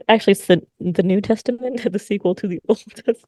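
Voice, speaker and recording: A woman in her thirties chats casually as a podcast co-host. She jokes and laughs easily, and her voice sits at an ordinary pitch. The sound is dry and close. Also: fast talker, no echo. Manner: laughing, joking, animated. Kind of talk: casual chat.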